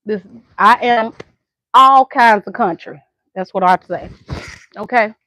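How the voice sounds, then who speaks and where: In dull lo-fi audio with slight background noise, a middle-aged vlogger from the American South talks casually to camera and laughs frequently. Her voice is on the high side, bright and forceful, and a little slow.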